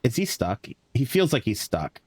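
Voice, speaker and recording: A tired young man gives casual commentary while streaming a game, talking to himself in a mid-range, darkish voice with a breathy edge, recorded with no echo. He's very animated at a moderate pace, yet drowsy and yawning, muttering and swearing casually now and then.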